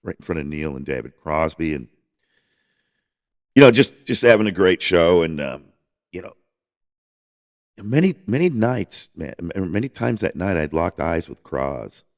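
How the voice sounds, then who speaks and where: Deep gravelly guy rambling about records, swears a lot, keeps restarting. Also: sing-song, a little slow, pauses often. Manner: rambling, enthusiastic, swears freely, many restarts. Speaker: podcast host. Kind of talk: casual music talk.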